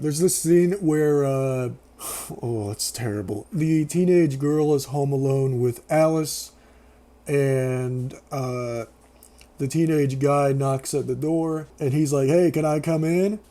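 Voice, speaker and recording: A man's voice: mid-range voice, takes it slowly, dark tone. A young man giving a casual, sarcastic, profane rant as a movie reviewer, laughing often.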